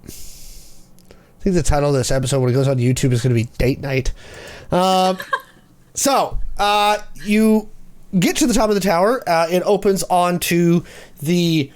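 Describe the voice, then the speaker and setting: A man's voice: high voice, fairly even intonation, normal speed, pauses often. A man narrating as game master of a tabletop game, rambling with many fillers. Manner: rambling, lots of fillers and likes.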